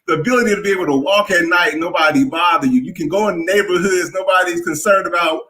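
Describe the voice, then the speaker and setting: A man's voice: high voice, quick pace, bright, forceful tone, rough recording. A man in his fifties calling into a live stream, talking earnestly and emotionally, often stammering and repeating words. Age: 50s. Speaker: caller.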